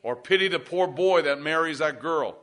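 A man's voice: fairly high pitch, normal speed, fairly bright tone. A middle-aged male pastor preaching a sermon, pressing points with emphasis and calling for amens from the congregation.

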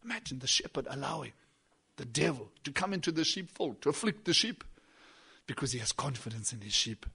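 A man preaching a sermon emphatically, with repeated phrases and swings between loud and hushed delivery. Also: medium pitch, animated, a little fast, creaky, breathy edge.

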